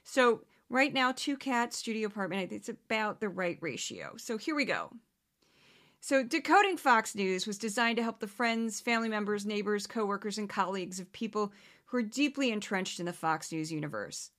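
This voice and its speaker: A woman's voice: medium pitch, expressive, normal speed, a bit bright. A woman hosting a podcast, talking in a casual, sarcastic commentary style and putting on exaggerated voices to mimic others. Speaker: podcast host.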